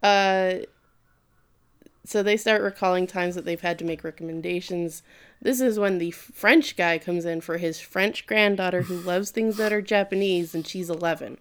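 A woman's voice: lowish voice, normal speed, clean tone. A woman co-hosting a casual podcast, recapping an anime and acting out the characters' lines. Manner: animated, acts out quoted lines. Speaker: podcast co-host.

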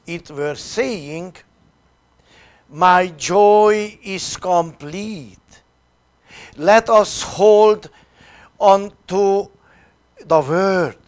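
His voice sits high as he reads a sermon to those on his retreat. The priest takes it slowly and deliberately, pausing at length and moving dramatically between loud and soft passages.

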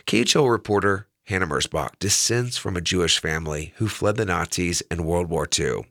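A male news anchor reading a scripted introduction in a formal, even way. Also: low voice, normal speed, dry recording, studio quality.

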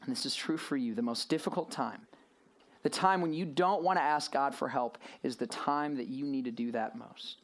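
A male pastor preaching a sermon to a room of listeners, animated and full of rhetorical questions, moving between hushed and raised delivery. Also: mid-range voice, moderate pace. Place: church or youth gathering room.

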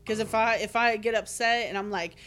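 A woman's voice: a little high, a little fast, a bit bright. A woman in casual podcast chat, speaking directly and sometimes teasing.

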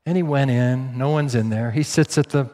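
A man preaching a sermon, telling a story and acting out the dialogue in animated bursts. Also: medium pitch, moderate pace, in a large hall. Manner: animated, acts out dialogue with rising volume. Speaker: pastor.

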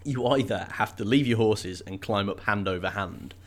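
A man co-hosting a casual book discussion podcast, animated, swearing playfully and laughing often. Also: lowish voice, normal speed. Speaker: podcast co-host.

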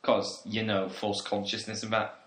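A man plays a pompous young male revolutionary from England who preaches at everyone. His bright tone rings out in an echoey room. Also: lowish voice, completely flat delivery, normal speed, close to an everyday voice. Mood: smug. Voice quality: pompous, speechifying. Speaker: student activist on a volunteer trip.

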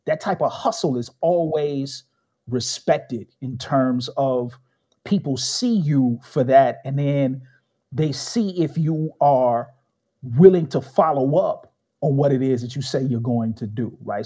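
Guy, middle-aged, husky voice, super lively storyteller, keeps saying "right?". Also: medium pitch. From Chicago. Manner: animated storyteller, keeps tagging "right?", acts out quotes. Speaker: guest. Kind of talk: casual conversation.

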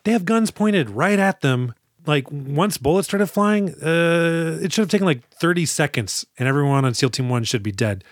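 A man's voice: fairly high pitch, lively intonation, normal speed, no echo, studio quality. A man co-hosting a podcast, chatting casually and jokily about an action movie. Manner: rambling, jokey, acts out lines from the movie. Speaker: podcast co-host. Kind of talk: casual movie review chat.

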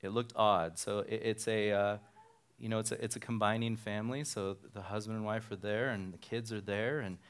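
A man's voice: fairly low pitch, fairly even intonation, moderate pace, smooth. A male pastor from Nevada with a tired voice, telling casual, self-deprecating stories in a sermon at a church on a handheld microphone. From Nevada, USA.

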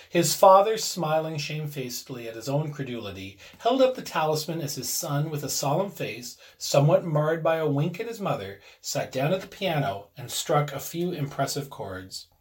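A man reading a classic ghost story aloud with expressive, varied delivery. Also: a little high, normal speed, hardly any pauses. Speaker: reader.

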